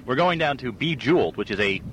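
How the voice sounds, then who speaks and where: A man casually leading an improv warm-up, setting up scenes and laughing along as he goes. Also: medium pitch, quick pace, slight background noise. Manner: chatty, laughing, lively host. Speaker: improv exercise leader.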